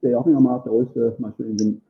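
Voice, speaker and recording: A man's voice: medium pitch, fairly even intonation, fast. A man, a guest in a casual chat, giving short, hesitant answers with many "um"s. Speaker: guest, jerky maker. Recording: tinny phone-like line.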